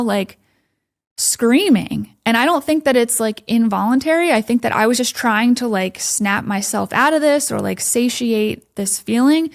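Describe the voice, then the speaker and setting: A woman giving a candid personal testimony as a podcast guest, quoting her own thoughts. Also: fairly high pitch. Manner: candid storytelling with quoted inner thoughts and soft laughs.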